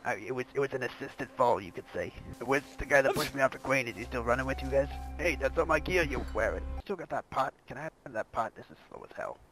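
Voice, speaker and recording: A man's voice: medium pitch, fast, hardly any pauses, fairly bright tone, rough recording. A man chatting in an easygoing way over in-game voice chat. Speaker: game player. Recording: music in the background.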